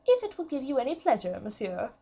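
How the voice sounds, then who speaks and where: A woman voicing a proud, coy young princess in an audiobook, pitching her voice up with arch, feigned surprise. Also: very animated, fast talker, vocal fry, dark tone, breathy edge, lo-fi sound, exaggerated voice.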